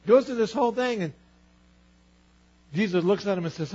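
A man's voice: high-pitched, very animated, normal speed, long pauses, a little mellow, husky, muffled recording. A man preaching a sermon as pastor, emphatic, acting out Bible voices as he tells the stories.

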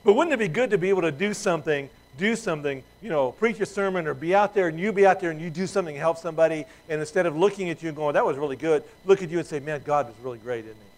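A man's voice: high voice, rapid-fire, few pauses, rough recording. A middle-aged man preaching a sermon in a conversational way, with asides and restarts and emphatic peaks. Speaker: pastor.

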